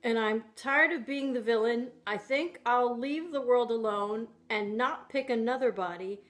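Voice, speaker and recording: A woman voicing a weary old male media tycoon, speaking low and quietly. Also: measured pace, soft background music.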